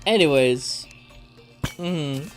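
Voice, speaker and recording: A young adult gaming streamer banters with friends on a live stream, joking and swearing freely. The delivery is slow and unhurried, but the pitch swings around a lot. Faint game music plays underneath. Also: expressive.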